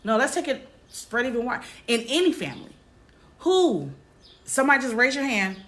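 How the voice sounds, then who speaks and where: A woman vlogger telling a personal story straight to her viewers, halting often and repeating herself. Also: on the high side, very animated, a bit bright. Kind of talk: candid personal storytelling to camera.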